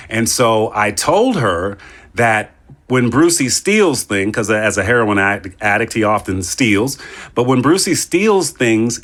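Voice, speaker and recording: A man's voice: medium pitch, a bit bright. Male podcast host, mid-range voice, loose and jokey, rambling with playful tangents. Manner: joking, rambling, playful asides. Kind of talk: casual podcast chat.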